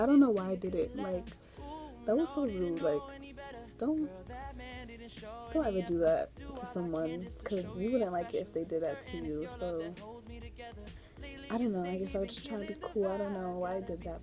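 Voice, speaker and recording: A young woman telling a story on her vlog in a rambling, chatty way, full of fillers and giggles. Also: mid-range voice. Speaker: vlogger. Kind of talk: casual storytime chat.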